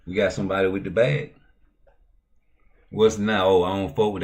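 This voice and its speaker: Deep-voiced man ranting on a livestream. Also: steady tone, moderate pace, vocal fry. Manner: loose, profane slang-heavy banter; heated, rising to loud outbursts. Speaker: livestream host. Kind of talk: casual livestream talk.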